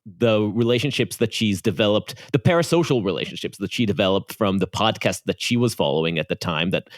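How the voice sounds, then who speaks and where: With a lowish voice, lively intonation and a slightly fast pace, a man with an Israeli accent co-hosts a casual podcast chat. He speaks thoughtfully yet hesitantly, restarting frequently, in clean studio sound without room echo.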